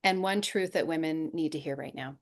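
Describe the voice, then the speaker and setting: A woman's voice: deep voice, fairly quick. A woman hosting an interview, asking short prompts in an encouraging way. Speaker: interview host. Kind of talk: conversational interview.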